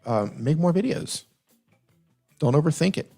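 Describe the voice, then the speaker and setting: Guy running a live q&a, giving channel advice, says things twice, soft music playing under him. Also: a little high, animated, unhurried, gravelly. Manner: coaching, repeats himself, reads chat aloud. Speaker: host. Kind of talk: live stream Q&A. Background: faint funk music.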